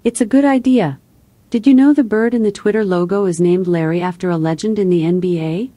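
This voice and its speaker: A synthetic woman's voice, a voice assistant making small talk in an evenly cheerful way. She sits at a middle pitch. The sound is close and completely dry, with no room around it. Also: a little fast, mellow, no echo. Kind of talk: scripted chatbot replies.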